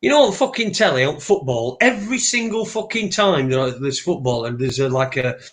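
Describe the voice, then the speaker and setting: A man's voice: medium pitch, animated, normal speed, fairly bright tone. A man, co-hosting a casual chat and telling rambling, sweary stories. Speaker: podcast co-host.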